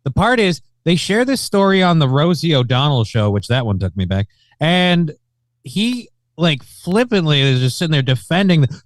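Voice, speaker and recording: A man with a slightly high voice tells a story wryly on a comedy show, sounding incredulous at what he describes. The recording is dry and close. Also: sing-song, moderate pace, no room sound. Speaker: co-host. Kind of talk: comedic commentary.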